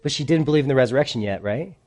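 Animated male preacher. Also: mid-range voice, rapid-fire. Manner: animated, playful, swings from hushed to loud. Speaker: pastor. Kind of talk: sermon.

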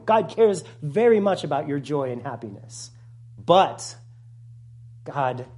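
A man, a pastor, giving a conversational, animated sermon with asides to the congregation. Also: a little high, husky.

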